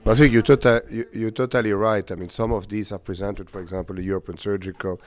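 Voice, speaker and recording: A man's voice: on the low side, fairly even intonation, fast talker. A man chairing a conference discussion, blunt and skeptical, in slightly non-native phrasing. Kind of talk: panel discussion questioning.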